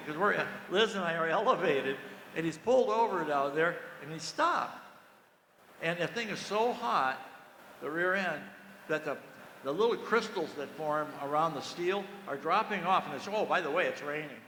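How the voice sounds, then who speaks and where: An older man with a bright, forceful voice sitting a little high tells a racing story to a dinner crowd. He acts out each exchange with lively energy. His voice rings through an echoey banquet hall over a PA, with faint noise behind. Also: normal speed. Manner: animated storyteller who acts out the dialogue. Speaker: former race team manager.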